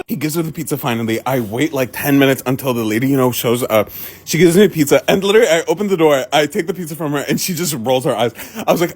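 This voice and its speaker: A young woman vlogger telling a story in an animated, dramatic way, often laughing. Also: deep voice, fairly quick, slightly rough. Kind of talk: storytime chat.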